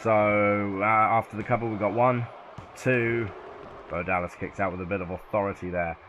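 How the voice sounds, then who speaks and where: Excitable southern English man calling play-by-play. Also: on the low side, normal speed, slight background noise. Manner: excitable, yells at near-falls. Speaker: video game commentator. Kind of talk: play-by-play game commentary.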